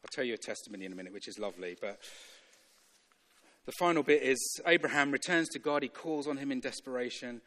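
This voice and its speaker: A man's voice: medium pitch, quick pace, sharp tone. A man preaching a sermon in a church, emphatic and repetitive, chuckling now and then between points. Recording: long reverb of a church hall.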